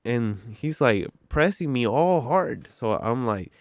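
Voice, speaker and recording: A man's voice: mid-range voice, animated, measured pace, few pauses, no room sound, studio quality. A man telling a story in a casual, rambling vlog manner, with lots of "like" and "you know".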